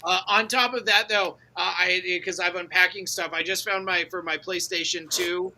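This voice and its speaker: Bright, excitable man co-host. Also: high voice, moderate pace. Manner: excitable, swearing, talks over others. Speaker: podcast co-host. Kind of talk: casual chat.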